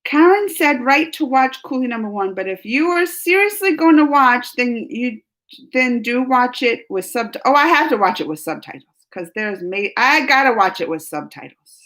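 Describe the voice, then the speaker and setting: Speaking at a moderate pace in a high-ish, animated, slightly bright voice, a married woman with a family hosts a reaction stream. She reads the live chat aloud and chats casually with her viewers, emotional and close to tears, laughing between her worries.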